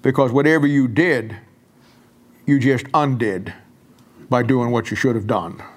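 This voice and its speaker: An older man, a pastor, preaching a sermon in a folksy storytelling way and going soft and quiet when he quotes himself. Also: mid-range voice, measured pace.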